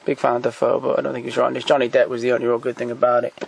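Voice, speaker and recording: A man talking casually and haltingly, with many pauses and restarts, giving enthusiastic recommendations as he shows his shelf. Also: mid-range voice, flat delivery, vocal fry, noisy background. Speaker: collector showing DVDs. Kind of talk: casual off-the-cuff commentary. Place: home room by a shelf.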